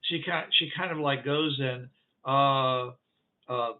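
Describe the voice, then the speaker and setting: A man's voice: medium pitch, fairly even intonation, slow pace. Rambling man running a tabletop game. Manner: rambling, many fillers and restarts. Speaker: game master. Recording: tinny phone-like call audio.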